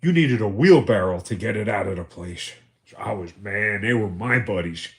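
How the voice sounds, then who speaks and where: A man hosts a livestream, telling rambling, profane anecdotes and chuckling as he goes. His voice is lowish with lively intonation, and he keeps a moderate pace in this casual storytelling.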